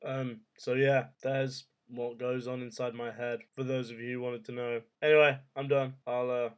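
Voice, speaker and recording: A young man in his twenties talks to camera at home, drifting from one odd thought to the next. His delivery is jokey and offhand, full of rhetorical questions and casual swearing, at an everyday middle pitch. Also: little pitch movement, normal speed, smooth. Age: 20s. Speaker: vlogger. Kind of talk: casual rambling monologue.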